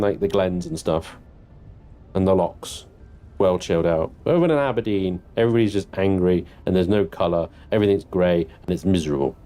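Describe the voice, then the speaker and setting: A young adult man from Britain casually chatting with viewers during a game livestream, laughing often and swearing freely. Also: mellow. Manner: chatty, swearing, laughing, mock-indignant high squeals. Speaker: gaming livestreamer.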